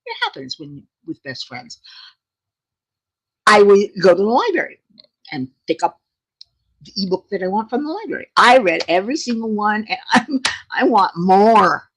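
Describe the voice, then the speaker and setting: A woman's voice: medium pitch, very animated, normal speed, pauses often, fairly bright tone, breathy edge. A woman hosting her own channel, chatting casually with viewers, laughing often in a playful way. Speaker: channel host.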